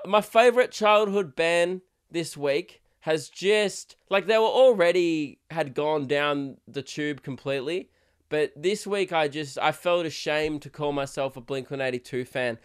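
A man's voice: a little high, clear, resonant tone. A young man hosting a solo podcast, rambling crudely and laughing often. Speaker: podcast host. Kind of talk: casual solo podcast rant.

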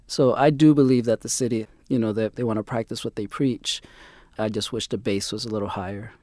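Flat-voiced male community director. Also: lowish voice, fairly quick, dry recording. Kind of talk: radio interview.

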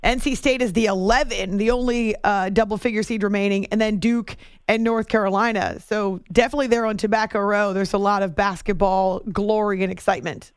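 Clear-voiced woman sports radio host. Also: steady tone, a little fast, no echo, studio quality. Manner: playful, tries high movie-villain shouts. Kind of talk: casual sports radio chat.

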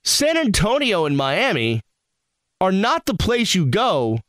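A man's voice: high-pitched, slow pace, no echo, studio quality. A man hosting a sports talk radio show, chatting casually and telling stories with quoted back-and-forth. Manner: animated, storytelling with quoted asides. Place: radio studio.

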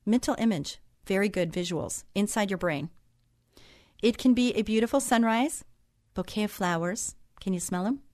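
A woman's voice: medium pitch, dry recording, clean studio sound. Chatty, encouraging woman hosting a faith show. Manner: chatty, encouraging, wanders off into personal stories. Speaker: host. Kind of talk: Christian talk show monologue.

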